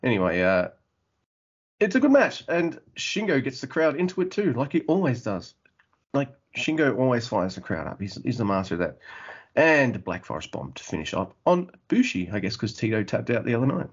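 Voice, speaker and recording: Husky-voiced man in casual chat. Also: medium pitch, sing-song, normal speed, muffled recording. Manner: swearing, joking, laughs often. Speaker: podcast co-host.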